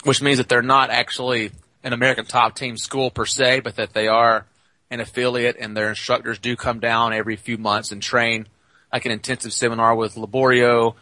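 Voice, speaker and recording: A man who coaches jiu-jitsu, telling rambling, animated anecdotes in a casual podcast chat. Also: mid-range voice, brisk, no echo.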